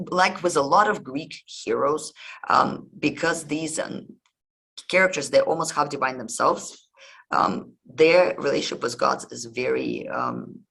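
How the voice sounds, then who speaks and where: A man's voice: mid-range voice, vocal fry, sharp tone, husky, low-quality recording. A man hosting a history podcast, retelling old myths in a casual lecture, hesitant and full of ums and restarts.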